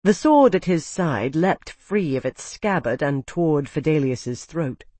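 A fantasy audiobook narrator with a steady, expressive and dramatic delivery. The voice sits mid-pitch. It is recorded dry and close. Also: unhurried, no room sound.

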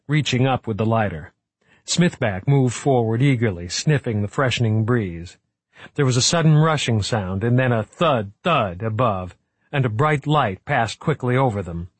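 A man reading a suspense novel aloud in a measured, steady narrating voice. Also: mid-range voice, husky, no room sound. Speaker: audiobook narrator. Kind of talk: scripted narration.

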